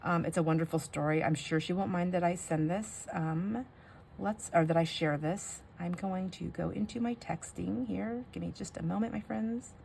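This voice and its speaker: Rambling, lowish-voiced older woman vlogger. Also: steady tone, moderate pace, gravelly, a little mellow, slight background noise. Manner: rambling, sidetracked, emotional. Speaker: crafting vlogger. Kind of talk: casual chat while crafting.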